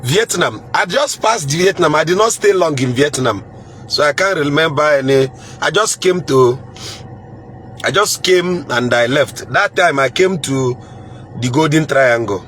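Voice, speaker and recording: A man's voice: a little high, animated, measured pace, a bit bright, a little hiss or hum. A man with a Nigerian accent hosting a casual live chat, reading viewer comments in a playful way, chuckling and repeating phrases.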